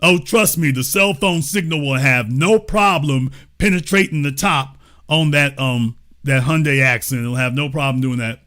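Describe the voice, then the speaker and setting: A man's voice: fairly high pitch, normal speed, fairly bright tone. Sarcastic man hosting a livestream. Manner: mocking, sarcastic. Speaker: show host. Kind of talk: livestream political commentary.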